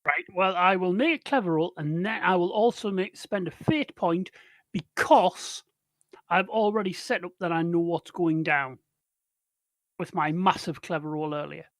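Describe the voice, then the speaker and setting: A man's voice: sits high, normal speed, a bit bright, dry recording. An older man playing a tabletop game, cheeky and scheming. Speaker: player. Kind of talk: casual tabletop play.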